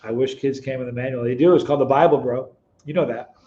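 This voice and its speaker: A middle-aged man hosting a live stream, reading chat comments aloud, teasing viewers by name and telling stories in a relaxed, chatty way. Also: mid-range voice, quick pace, highs cut off, slight background noise. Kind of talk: casual chat.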